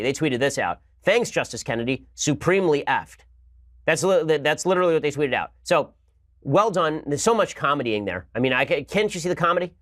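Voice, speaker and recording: A man's voice: on the high side, a bit bright, no room sound, studio quality. A man hosting a show, delivering a sarcastic political commentary monologue. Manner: rapid-fire, sarcastic. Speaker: host.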